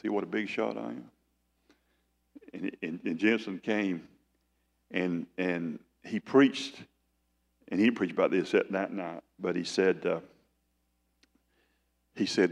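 Preacher, low voice, reverberant hall. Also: male voice, measured pace, creaky, long pauses. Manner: fervent preaching, swelling louder then dropping low. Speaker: pastor. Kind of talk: sermon.

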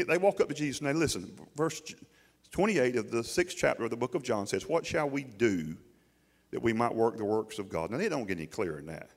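A man preaching a sermon to a congregation in a folksy, animated way, often mimicking voices. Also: medium pitch, creaky, slightly rough, in a large hall. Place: church hall before a congregation.

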